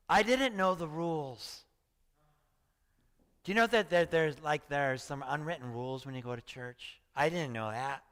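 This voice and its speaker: A man's voice: fairly high pitch, fairly bright tone. A man in his sixties, a pastor giving a chatty, storytelling sermon and often asking his audience "right?". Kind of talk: conversational sermon. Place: church hall. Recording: reverberant church hall.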